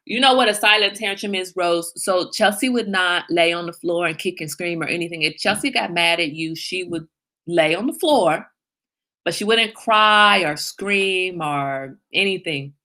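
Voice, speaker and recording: A middle-aged woman hosting a livestream, chatting casually and emphatically with viewers and telling animated stories. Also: fairly low pitch, moderate pace. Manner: animated storyteller, emphatic, reads viewer comments. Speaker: livestream host.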